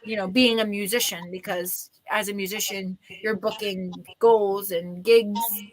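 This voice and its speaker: A woman's voice: mid-range voice, steady tone, unhurried, poor audio. A woman hosting a casual interview show, asking follow-up questions and encouraging her guest. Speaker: show host.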